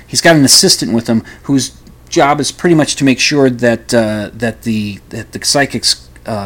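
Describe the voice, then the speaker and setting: A man casually reviewing a film, rambling and skeptical, trailing off often. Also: medium pitch. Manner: rambling, skeptical, many fillers and restarts.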